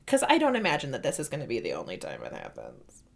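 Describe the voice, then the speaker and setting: A woman co-hosting a podcast, chatting casually about a book, laughing often and trailing off softly. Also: extremely low pitch, wildly swooping pitch, fast, creaky. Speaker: podcast co-host.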